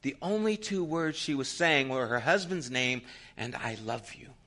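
A middle-aged male pastor delivering a sermon, swinging between loud passionate urging and hushed near-whispers. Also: mid-range voice, lively intonation, moderate pace.

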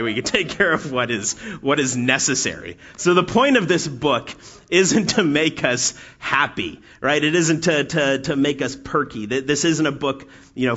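A man giving a casual, chatty sermon to a congregation, self-deprecating, with lots of restarts and quick "right?" tags. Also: medium pitch, bright, forceful tone. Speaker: preacher. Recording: dull lo-fi sound.

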